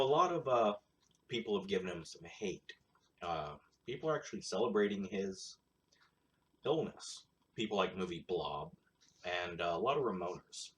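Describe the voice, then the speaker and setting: A man's voice: deep voice, fairly bright tone. A man hosting his own show, rambling through casual solo commentary in a blunt, crude, sarcastic way. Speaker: show host.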